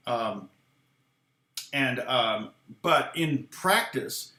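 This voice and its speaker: In a home studio with echoey acoustics and guitar playing, an American guitar teacher rambles through a casual lesson and answers viewers' comments. He speaks extremely slowly in a mid-range, bright, forceful voice with lively intonation.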